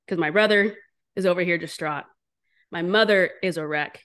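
A woman entrepreneur being interviewed, telling her story candidly and bluntly, animated and swearing freely. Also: medium pitch, moderate pace, pauses often. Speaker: entrepreneur guest.

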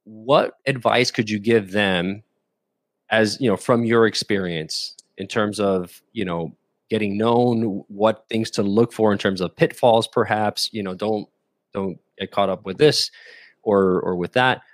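A man's voice: on the low side, unhurried, no echo. A man hosting an interview, asking a long question with hesitant repeated words. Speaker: interviewer, host.

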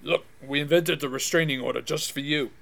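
A man doing quick-witted, incredulous improv comedy. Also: a little high, gravelly, fairly bright tone.

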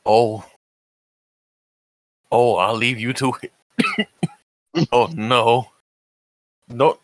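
A man speaking in character in a tabletop role-play game, stammering and repeating words, with lively jumps in pitch. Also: extremely slow, pauses often, no room sound. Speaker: player.

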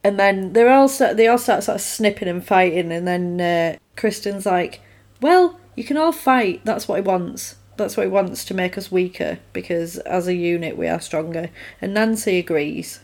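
A woman's voice: lowish voice, creaky. A woman, recapping a film in casual chat and acting out the characters' lines. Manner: animated, acts out characters' lines in quick quotes. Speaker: film podcast co-host.

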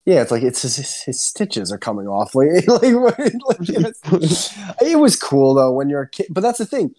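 A man's voice: a little high, moderate pace. Young man ranting in casual podcast talk. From Central New Jersey. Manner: animated, swears a lot, ranting. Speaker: podcast co-host. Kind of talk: casual chat.

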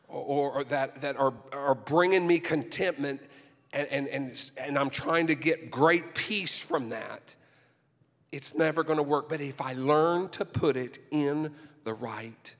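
A male pastor delivers a sermon, swinging from conversational asides to impassioned, near-shouted declarations. His voice sits a bit high for a man. Long reverb from the sanctuary trails after each phrase. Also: a little slow. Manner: impassioned, rising to near-shouting, with stumbles and restarts.

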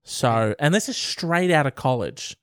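A man's voice: fairly high pitch, lively intonation, measured pace, smooth, no room sound. A sarcastic young man trades jokes on a casual podcast. His voice sits close and dry, with no room sound around it. He reads a letter aloud in a mocking tone. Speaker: podcast co-host.

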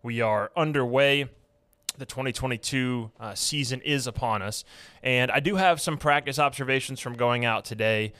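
A man's voice: mid-range voice, moderate pace, bright, forceful tone, clean tone, no echo. A man hosting a sports podcast from a stadium studio, casual and self-deprecating with joking banter, sweaty after a day at practice. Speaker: podcast host.

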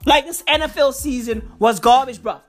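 A man ranting excitedly to camera about football, swearing constantly and stumbling over repeated words. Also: very high voice, normal speed, soft background music. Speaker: vlogger and football fan. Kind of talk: casual profane rant to camera.

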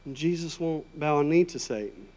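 Man, sermon, conversational and emphatic, bit high-pitched, church sanctuary. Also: animated, normal speed. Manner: emphatic, conversational, rising to loud high peaks. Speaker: preacher. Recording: long hall reverb.

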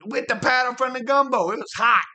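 A man co-hosting a comedy podcast, telling tall tales with loud, animated outbursts. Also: very high voice, a little fast, no room sound. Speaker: co-host.

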